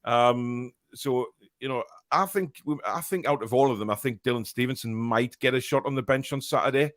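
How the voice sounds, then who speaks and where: A man's voice: medium pitch, normal speed, dry recording, clean studio sound. A man hosting a casual fan podcast live stream, chatting and reading out viewer messages with plenty of fillers.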